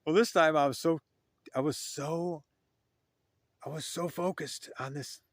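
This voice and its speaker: A man's voice: fairly high pitch, steady tone, a little slow, no room sound. A man telling a personal spiritual story casually, rambling and repeating phrases, at times murmuring a prayer.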